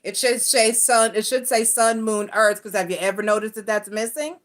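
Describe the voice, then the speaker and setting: A woman's voice: a little high, moderate pace. Rambling woman reader. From North Carolina. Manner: rambling, restarts and self-corrections, talks to her cat mid-stream. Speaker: tarot and astrology reader. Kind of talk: casual explanatory chat to viewers.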